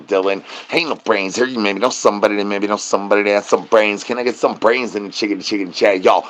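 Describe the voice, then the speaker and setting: A man rambling through a live-stream chat, chanting nonsense rhymes and catchphrases with sudden high-pitched outbursts. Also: fairly bright tone.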